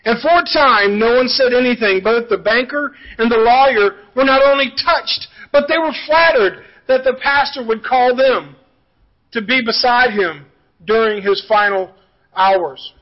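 A man's voice: very high-pitched, unhurried, muffled recording. A man preaching a sermon as pastor, telling joke illustrations and then turning earnest. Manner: storytelling preacher, jokey asides then earnest.

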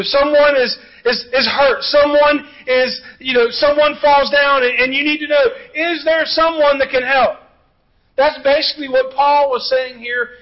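A man's voice: very high-pitched, lo-fi sound. A man preaching a sermon as pastor, telling joke illustrations and then turning earnest. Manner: storytelling preacher, jokey asides then earnest.

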